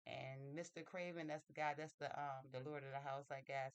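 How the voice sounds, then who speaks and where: A woman's voice: extremely low pitch, steady tone, brisk, hardly any pauses, smooth, dry recording. A woman reviewing a book, casually retelling its story in a rambling way with lots of fillers. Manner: rambling, many fillers and restarts.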